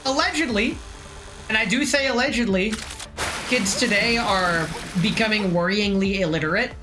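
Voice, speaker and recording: A woman's voice: mid-range voice, moderate pace, over music, rough recording. A woman live-streaming a game, chatting in a joking, profane, rambling way. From United States. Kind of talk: casual live-stream chat while playing a game.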